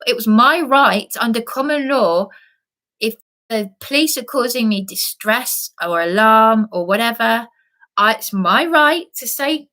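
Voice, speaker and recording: Agitated woman ranting, bright voice. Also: on the high side, moderate pace. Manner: agitated, repeats and restarts herself, emphatic. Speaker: vlogger. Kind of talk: emotional monologue rant.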